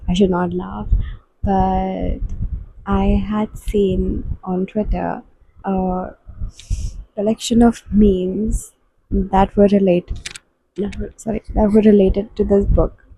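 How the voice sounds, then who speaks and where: A woman book vlogger giving soft, halting and emotional reactions while reading. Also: medium pitch, level tone, creaky, husky, low-quality recording.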